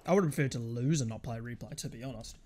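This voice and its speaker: A man commentating his football video game, swearing and shouting at the play. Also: fast. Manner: swears and shouts at the game, pitch jumps high in frustration. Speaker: gaming channel host. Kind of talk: live gameplay commentary.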